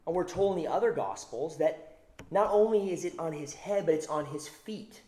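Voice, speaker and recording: A man's voice: fairly high pitch, expressive, normal speed, warm tone, roomy sound. A man preaching a sermon, emphatic, repeating phrases for stress. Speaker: pastor.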